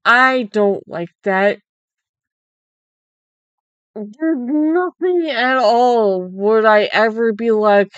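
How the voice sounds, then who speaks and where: A woman's voice: a little high, extremely slow, pauses often, clear, resonant tone, no room sound, highs cut off. A young woman livestreamer chatting casually, incredulous and swearing freely. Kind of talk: casual chat while drawing.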